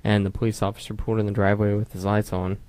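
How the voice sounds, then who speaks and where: A man's voice: lowish voice, little pitch movement, very fast, darkish tone, no room sound. A young man co-hosting a podcast from home, telling long rambling stories in casual chat. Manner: rambling storyteller. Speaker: podcast co-host.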